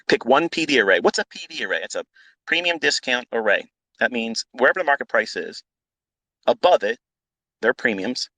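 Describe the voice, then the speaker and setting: A man who mentors traders, talking live to an online audience. He is blunt and combative, swears freely and hammers his points through repetition. His middle-pitched voice sits close and dry on the mic. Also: a bit bright, dry recording. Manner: blunt, profane, combative, repeats himself for emphasis. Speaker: trading mentor. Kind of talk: live audio-room monologue.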